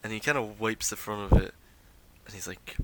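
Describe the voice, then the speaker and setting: A man narrating a tabletop role-playing game as game master, in a relaxed, unhurried way. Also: lowish voice, slight background noise, poor audio. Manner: relaxed, unhurried storytelling with fillers.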